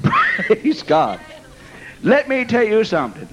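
Against heavy background noise, a man with a very high voice slowly recounts his testimony in a storytelling sermon, his pitch swinging hugely. He laughs at his own story and scatters "amen," "bless God" and "praise God" throughout.

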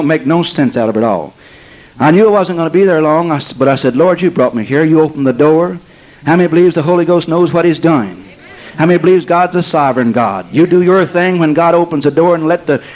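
Older preacher guy, high voice, folksy storytelling, sounds like an old radio broadcast. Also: darkish tone, muffled recording. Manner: folksy, emphatic, drawls key phrases slowly. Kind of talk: sermon with storytelling.

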